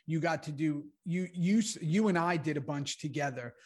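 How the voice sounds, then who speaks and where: Storytelling co-host, raised-pitch man. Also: moderate pace, breathy edge. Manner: animated storyteller, acts out quotes, swears. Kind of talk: casual podcast storytelling.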